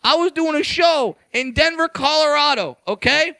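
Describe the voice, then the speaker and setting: A brash male comedian working a live crowd, swearing freely and bouncing into higher voices for the people in his stories. His voice sits high and bright with a sharp, pushing edge. The mic sound is close and dry, with little room around it. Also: moderate pace, gravelly, no room sound. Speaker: stand-up comedian. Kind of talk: stand-up comedy set. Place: comedy stage before a live audience.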